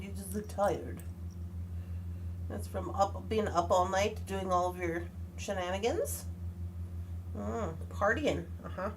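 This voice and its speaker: A woman's voice: lowish voice, slight background noise. A woman chatting casually and cheerfully while hosting a live craft tutorial from home. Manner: chatty, animated, talks to her pet and viewers. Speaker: livestream craft host.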